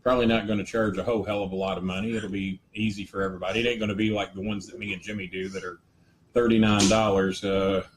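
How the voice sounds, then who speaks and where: Low-voiced older man, rambling. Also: little pitch movement, quick pace. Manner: rambling and folksy, with fillers and joking asides. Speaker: host. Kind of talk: casual live-stream chat. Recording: faint ambient noise.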